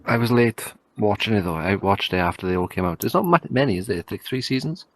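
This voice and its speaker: A man's voice: lowish voice, lively intonation, fast talker, no room sound. A man with a Welsh accent, co-hosting a casual podcast chat with blunt, sweary banter. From Wales. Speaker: podcast co-host.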